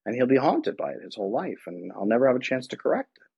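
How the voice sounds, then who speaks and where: A man speaks earnestly as an interview guest and acts out short exchanges between a parent and child. His voice is husky, and it sounds dull and dry, as if caught on a modest home mic. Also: mid-range voice, sing-song, fast, dry recording. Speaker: guest, attachment specialist. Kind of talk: conversational interview.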